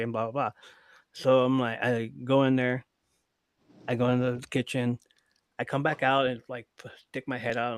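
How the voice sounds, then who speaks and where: A man hosting a live podcast in loose, profane storytelling mode, swinging between hushed asides and louder bursts as he reads comments from the chat. His voice sits at an everyday male pitch, and the sound is close and dry with no room around it. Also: normal speed, dry recording. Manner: profane, animated retelling of family stories. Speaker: podcast host.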